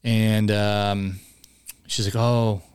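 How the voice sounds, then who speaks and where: A man's voice: lowish voice, fast, darkish tone, no echo, studio quality. A young man co-hosting a podcast, casually telling jokey stories and quoting the people in them. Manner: storytelling, quotes people, jokey. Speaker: podcast co-host. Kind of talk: casual chat.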